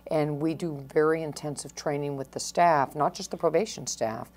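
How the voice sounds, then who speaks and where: A middle-aged woman, a county probation chief, answering interview questions in an earnest, measured way with frequent restarts. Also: sits low, darkish tone.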